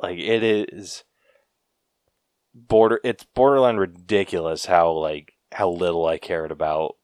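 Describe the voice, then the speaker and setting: A man with a low, deep voice talks slowly and unhurriedly in relaxed podcast banter. He reads trivia aloud and swears casually. The sound is dry and close, with no room echo. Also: clean tone. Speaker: podcast co-host. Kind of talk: casual movie chat.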